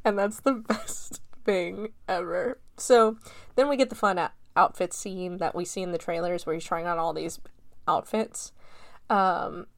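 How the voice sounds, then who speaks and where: Recapping a film in a chatty, casual style, this woman in her late twenties, a film reviewer, swears freely, laughs a lot and fills her speech with "like." She speaks at a measured pace in a fairly low, creaky voice, recorded with no room sound.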